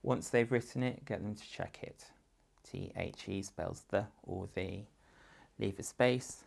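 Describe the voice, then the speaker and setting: Low gravelly male teacher. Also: darkish tone. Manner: slow, patient, demonstrates sentences and sounds in different voices. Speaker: primary school teacher. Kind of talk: instructional talk to parents.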